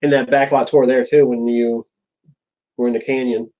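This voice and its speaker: A man's voice: medium pitch, little pitch movement, moderate pace, mellow, muffled recording. A man from central Florida co-hosting a casual live chat, rambling and restarting his sentences, with a stuffed-up nose. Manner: rambling, starts over mid-sentence. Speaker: co-host of a live chat stream.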